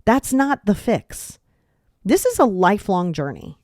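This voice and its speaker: A young adult woman hosting a podcast, giving blunt, animated self-help advice in a casual way with mild swearing. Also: mid-range voice, measured pace, dry recording, studio quality. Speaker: podcast host. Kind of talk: casual motivational talk.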